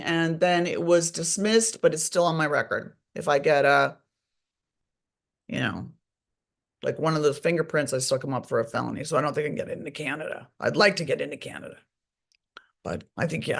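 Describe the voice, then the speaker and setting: A middle-aged woman with a deep, gravelly voice that still carries a fairly bright tone speaks at normal speed. As a guest author and recovery advocate, she tells her story candidly and bluntly, with frequent swearing.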